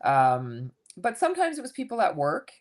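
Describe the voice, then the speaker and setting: A woman in her fifties, a coach and podcast guest, telling her story in a candid, animated way and swearing casually. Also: fairly low pitch, normal speed. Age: 50s.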